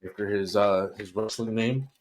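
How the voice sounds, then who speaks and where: A man's voice: lowish voice, steady tone, normal speed. A man co-hosting a podcast, talking casually and a bit hesitantly. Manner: laid-back, hesitant with fillers. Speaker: podcast co-host. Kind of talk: casual chat.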